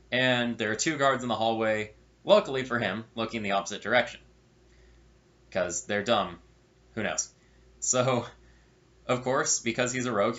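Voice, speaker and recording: Bright-voiced man telling a story, lo-fi. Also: mid-range voice. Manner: animated, wry asides, growing louder. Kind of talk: casual story narration. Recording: dull lo-fi recording.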